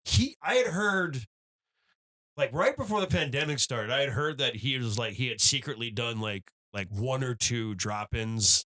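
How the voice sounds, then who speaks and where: A man's voice: mid-range voice, normal speed. A man in his thirties hosting a podcast, chatting casually and rambling with lots of fillers. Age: 30s. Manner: animated, rambling with many fillers. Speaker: podcast host, stand-up comedian. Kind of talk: casual chat.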